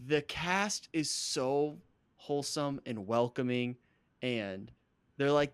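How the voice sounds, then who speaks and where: A man's voice: mid-range voice, slow, clean tone, no room sound. A man co-hosting a podcast, recapping a reality dating show in casual, joking chat and laughing often. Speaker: podcast co-host.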